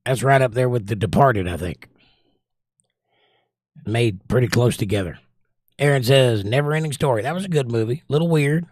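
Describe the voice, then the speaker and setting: With a medium-pitched, darkish voice, a Southern livestream host speaks at normal speed but leaves long pauses. He reads viewer comments aloud, chats casually, and recommends movies with strong opinions; the studio-quality recording has no room sound.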